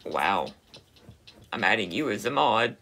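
A man making live-streamed prank calls, earnest and deadpan. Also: on the low side, a little slow. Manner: deadpan, earnest put-on complaints.

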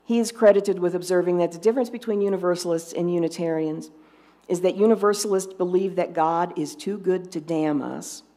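A woman's voice: on the low side, mellow. A woman lay presenter giving a sermon full of jokes, telling them dryly and unhurriedly with small restarts. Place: congregation fellowship service.

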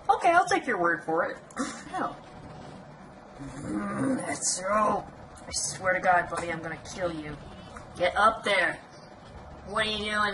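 A young woman giving casual, teasing commentary while playing a video game, laughing often. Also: fairly low pitch. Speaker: gameplay commentator. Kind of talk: let's play commentary. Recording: home recording with clear background noise.

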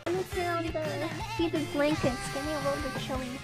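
High-voiced sneezy woman streamer. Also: normal speed, hardly any pauses, music in the background. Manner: keeps apologizing between sneezes and coughs. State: sneezing and stuffy-nosed. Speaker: live streamer. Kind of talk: casual live-stream chat.

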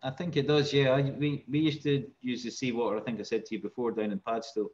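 Relaxed man relaying viewer questions. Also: mid-range voice, quick pace, lo-fi sound, a little hiss or hum. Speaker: chef moderating audience questions. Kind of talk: casual chat on a video call. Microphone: video call.

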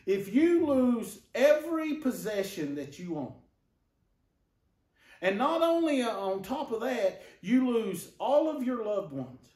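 High-voiced preacher in an echoing church. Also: male voice, sing-song, slow, a little mellow, recorded from a distance. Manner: rhetorical questions to the congregation. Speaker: pastor. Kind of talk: sermon. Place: church sanctuary.

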